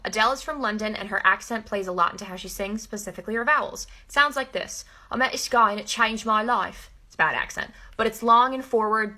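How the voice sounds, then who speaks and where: A young woman with a mid-range, sharp-toned voice leads an upbeat, step-by-step tutorial on vocal impressions. As a singer and impressionist, she explains plainly how to imitate other singers.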